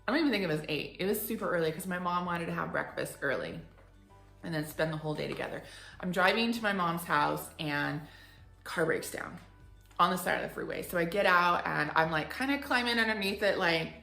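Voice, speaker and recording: A woman in her forties telling a story in a casual, animated way and acting out the people she quotes. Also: fairly low pitch, brisk, gravelly, reverberant, soft background music. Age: 40s. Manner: animated, acts out quoted voices. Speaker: furniture flipping vlogger.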